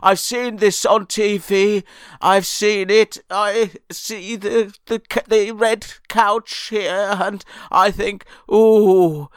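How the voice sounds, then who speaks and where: A man's voice: high-pitched, steady tone, takes it slowly, clean tone, no room sound. A man playing a bumbling, rambling old character actor being interviewed in a comedy sketch. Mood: flustered. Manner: doddering, rambling, stammering. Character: bumbling elderly male character actor Grumpy.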